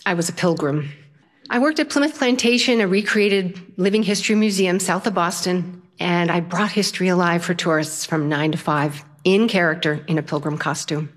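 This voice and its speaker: An older woman telling a humorous personal story to an audience, lively and self-mocking. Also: fairly low pitch, normal speed.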